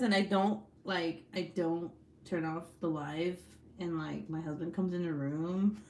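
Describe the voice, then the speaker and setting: A woman's voice: on the low side, a little slow, darkish tone, slight background noise. A woman hosting a casual livestream, reading out chat comments, laughing often and swearing freely.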